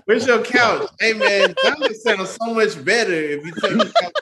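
A man's voice: high voice, lively intonation, heavy background noise. A man co-hosting a casual podcast chat who talks thoughtfully, often restarting his sentences. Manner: slow, thoughtful, trails into restarts.

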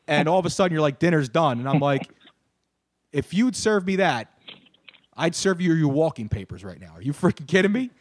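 A young man rants on a podcast, his voice high for a man and swinging wildly in pitch. He curses freely and shouts his punchlines. The sound is close and dry, with no room around it. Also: fairly quick, dry recording. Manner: animated ranter, swears, shouts punchlines. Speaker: podcast co-host. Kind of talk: casual ranting chat.

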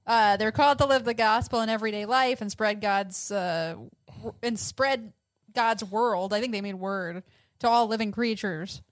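A woman's voice: medium pitch, moderate pace, no echo. A woman co-hosting a casual chat, asking dry, pointed questions and laughing often.

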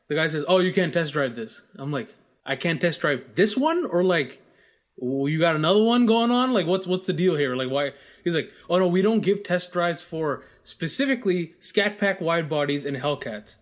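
A man co-hosting a podcast, from the US, telling a casual story full of laughter and swearing. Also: a little high. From United States. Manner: laughs often, animated and profane anecdotes. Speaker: podcast co-host.

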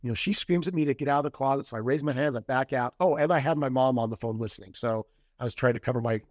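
A man's voice: mid-range voice, fast talker, darkish tone, dry recording, studio quality. A middle-aged man as a podcast guest, candidly telling a personal story in casual conversation and acting out the quoted lines. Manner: candid, acts out quoted dialogue.

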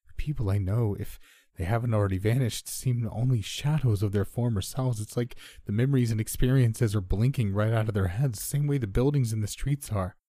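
Narrator doing a hopeless guy, loud and uneven, deep husky voice. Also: fairly quick, few pauses, no echo, studio quality, close to an everyday voice. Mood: despairing. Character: despairing male acquaintance.

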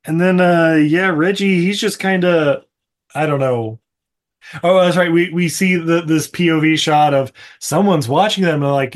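Guy on a podcast riffing loosely, slightly high voice, swears a lot, lots of uh and like. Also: moderate pace. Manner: rambling, profane, full of fillers and laughs. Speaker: podcast co-host. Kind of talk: casual movie recap chat.

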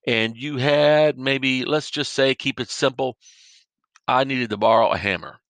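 Gravelly-voiced man preaching a casual sermon. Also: mid-range voice, measured pace, a bit bright, dry recording. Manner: folksy, repetitive, illustrates with everyday stories. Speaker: podcast preacher. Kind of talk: conversational sermon.

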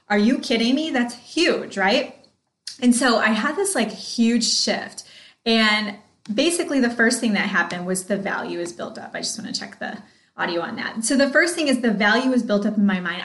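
A woman in her thirties talks sales on her podcast, excited and chatty. She speaks to her listeners directly. Her voice sits in the middle, and the room gives it a noticeable echo. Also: medium pitch. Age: 30s. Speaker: podcast host and sales coach. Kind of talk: casual motivational talk.

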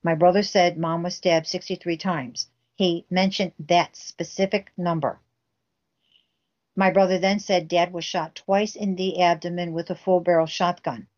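A woman's voice: lowish voice, flat delivery, a little slow, a little mellow. Lo-fi intense woman retelling a story. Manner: intense, acts out quoted dialogue. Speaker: guest recounting a family case. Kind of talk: emotional storytelling interview.

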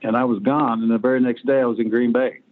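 A man's voice: mid-range voice, fairly even intonation, fast. A man in his sixties, a guest on an interview show, telling stories in a blunt, profane way. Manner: blunt, profane anecdotes with acted-out quotes. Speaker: guest, former pro quarterback. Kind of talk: storytelling interview. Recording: phone-like line.

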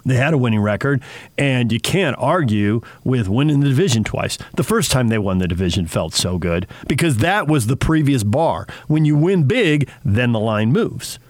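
A man hosting a sports radio show, talking in a casual, animated and opinionated way. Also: medium pitch, normal speed, no room sound.

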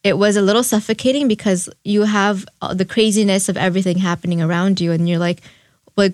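A young woman sharing a personal recollection in an interview, speaking reflectively and haltingly with fillers and restarts. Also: medium pitch, fairly even intonation, darkish tone, dry recording, studio quality. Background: faint music.

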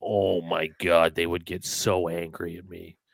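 A man hosting a podcast, joking and animated, swearing freely in casual chat. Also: low voice, measured pace, creaky, no echo. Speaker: podcast host.

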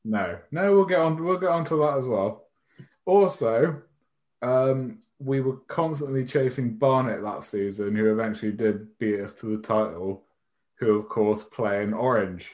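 A man's voice: medium pitch, a little slow, a little mellow. A man co-hosting a podcast in casual chat, rambling and self-mocking, swearing freely. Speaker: podcast co-host.

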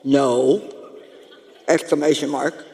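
A woman pastor preaching a lively, humorous sermon to her congregation, calling out to them as she goes. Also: rumbling low, takes it slowly, in a large hall. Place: church sanctuary.

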